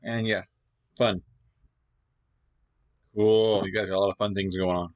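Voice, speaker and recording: A man's voice: fairly low pitch, flat delivery, unhurried, dry recording. A man from Canada giving casual reaction commentary to a video, rambling and hesitant with lots of fillers.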